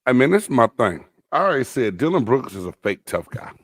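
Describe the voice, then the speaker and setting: A man's voice: medium pitch, very animated, fast, dry recording, clean studio sound. A man co-hosting a casual sports debate show, blunt and emphatic, swearing casually.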